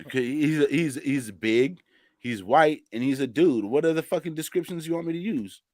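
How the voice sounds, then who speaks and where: A man's voice: a little high, normal speed, darkish tone, no echo, clean studio sound. A man in a casual sports chat, blunt and joking in an offhand way.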